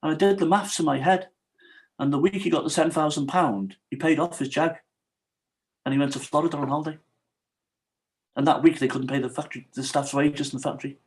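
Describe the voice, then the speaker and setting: A man's voice: on the high side, fairly even intonation, a little fast, long pauses, low-quality recording. A man, a podcast guest, telling a true story in a casual interview and acting out the quoted dialogue.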